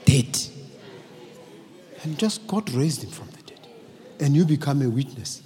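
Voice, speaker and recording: A man's voice: mid-range voice, expressive, measured pace, mellow. A man preaching a sermon as bishop at a church service, emphatic and repetitive, calling out to the congregation. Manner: emphatic, repetitive, call-and-response. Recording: long church reverb.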